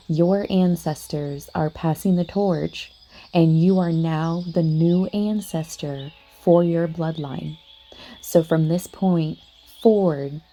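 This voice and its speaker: Female podcast host, low-pitched and mellow; casual, earnest talk aimed right at the listener. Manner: chatty, full of "like" and "you know what I mean"; earnest, addresses listeners directly. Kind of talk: casual spiritual monologue.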